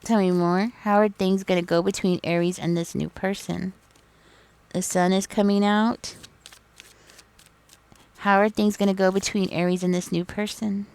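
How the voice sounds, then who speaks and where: A woman's voice: medium pitch, level tone, moderate pace, pauses often, darkish tone, smooth. A woman giving a casual tarot reading, chatty and rambling as she thinks aloud. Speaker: tarot reader.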